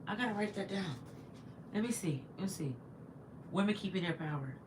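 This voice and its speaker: A woman's voice: mid-range voice, animated, brisk, background noise. A woman in her fifties telling a long personal story on a livestream, chatty and digressive, stopping to answer viewer comments. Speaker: livestream host.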